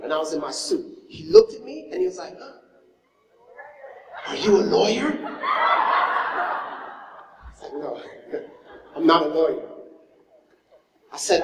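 A male pastor preaching a sermon, telling a story with lively swings from loud exclamations to hushed asides. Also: high voice. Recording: echoey hall, mic from far off.

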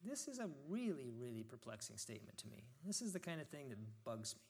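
A man's voice: medium pitch, sing-song, fast talker, vocal fry, darkish tone, slightly rough. A man giving an informal, reflective sermon, reading scripture aloud and musing on it in a conversational way. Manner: reflective, conversational, reads scripture with rising emphasis. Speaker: preacher.

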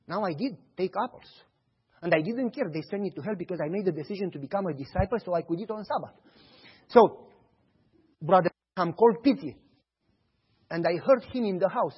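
A man preaching a sermon, telling stories in an animated way and acting out the dialogue. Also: high voice, brisk, slightly rough, muffled recording. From Romania. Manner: animated storytelling, acts out dialogue.

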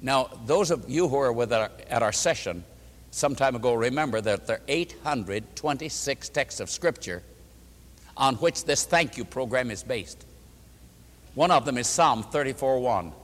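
A man's voice: medium pitch, lively intonation, moderate pace, a bit bright. An older man, a pastor, preaching a sermon to an audience, telling a story and repeating phrases with strong emphasis. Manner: emphatic, repeats phrases for rhythm, acts out quoted speech. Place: church or meeting hall before an audience. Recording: hall with long reverb.

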